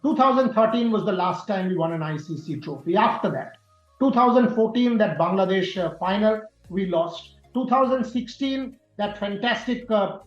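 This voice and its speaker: A man's voice: sits high, expressive, moderate pace. A man answers interview questions with firm, emphatic conviction and hammers home key words by repeating them. His voice sits in a reverberant room. The sound is a little muffled, with faint music underneath. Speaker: sports journalist guest.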